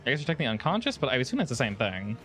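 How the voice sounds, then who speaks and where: Man running a tabletop game, relaxed, joking, full of ums, mid-pitched voice, soft music behind. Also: rapid-fire. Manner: relaxed and joking, with many filler words. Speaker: game master.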